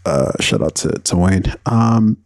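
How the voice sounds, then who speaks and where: A man's voice: sits low, expressive, measured pace, vocal fry, darkish tone, no echo. A man hosting a podcast in casual solo commentary, rambling and profane, with many fillers and bursts of animation. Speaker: podcast host.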